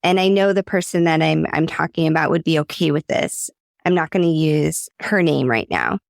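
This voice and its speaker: A woman's voice: low voice, normal speed, vocal fry, dry recording, clean studio sound. A woman hosting a podcast, speaking candidly and reflectively as she opens up to her guest. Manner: candid, reflective, openly vulnerable. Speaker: podcast host. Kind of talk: conversational interview.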